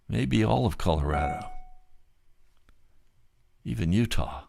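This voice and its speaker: A man recounting a dream vision in the first person, halting at times, repeating words and restarting sentences. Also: lowish voice, sing-song, vocal fry, no room sound, clean studio sound.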